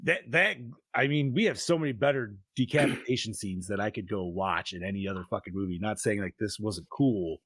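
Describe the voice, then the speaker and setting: A man's voice: on the low side, brisk, hardly any pauses, no room sound. A young man hosting a casual podcast chat, laid-back and swearing freely as he reviews a film. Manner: laid-back, profane, animated. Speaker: podcast host.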